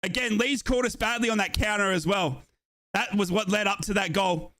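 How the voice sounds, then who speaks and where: A man hosting a live match watchalong, calling the play and breaking into excited shouts at big moments. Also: high voice, moderate pace. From Australia. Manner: excitable, bursts into shouting at goals. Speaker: watchalong host.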